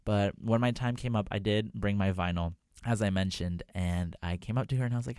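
A man's voice: fairly low pitch, fairly quick, few pauses, clean tone, no room sound. A young man hosting a radio music show, telling a story in a casual, chatty way with lots of "like" and "um", from a studio mic. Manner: chatty, full of "like" and "um", excitable.

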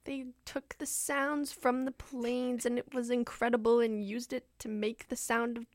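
A woman co-hosting a podcast who answers in a dry, teasing tone. Her voice sits a little high, and the room sounds dry and close. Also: little pitch movement, unhurried, no room sound. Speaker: podcast co-host. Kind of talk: casual chat.

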